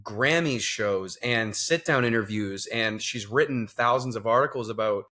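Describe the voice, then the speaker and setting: A man's voice: lowish voice, normal speed, sharp tone. A man hosting a podcast, chatting casually and joking with his guest. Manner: laid-back, joking. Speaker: podcast host; former teacher.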